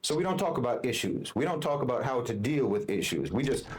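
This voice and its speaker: A man reading scripted narration in a measured, argumentative way. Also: medium pitch, big pitch swings, a little hiss or hum. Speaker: narrator of the original video.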